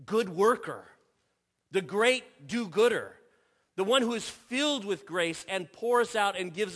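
A man's voice: sits high, a bit bright. A man preaching a sermon as pastor, earnest, often repeating and restarting phrases. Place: church sanctuary. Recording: long reverb of a church hall.

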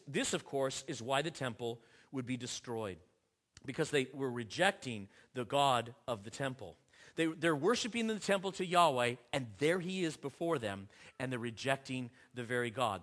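A man preaching a sermon, building to forceful peaks and dropping low again, with frequent restarts. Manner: impassioned preaching, rising and falling in force, with restarts. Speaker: pastor.

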